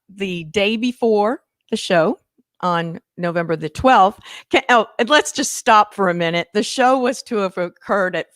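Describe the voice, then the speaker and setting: A woman humorist, telling stories in casual chat with lively, animated delivery. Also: no echo, clean studio sound. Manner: lively, animated storyteller with big pitch jumps. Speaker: guest humorist.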